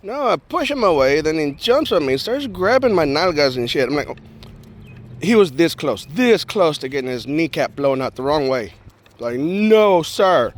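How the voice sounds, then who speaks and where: High, animated man telling a story. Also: moderate pace. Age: adult with a young daughter. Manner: animated and joking, acts out the people in his story. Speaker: vlogger. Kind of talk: casual storytelling to camera.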